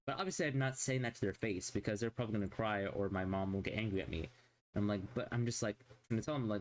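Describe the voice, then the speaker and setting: A man's voice: fairly low pitch, fast talker. A man streaming a casual chat, rambling and swearing constantly as he rants in exasperation.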